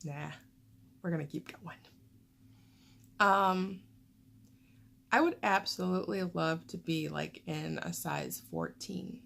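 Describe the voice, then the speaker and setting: A woman's voice: on the low side, slow, creaky, pauses often, a bit bright. A woman vlogger rambling casually to camera in a chatty way, full of fillers.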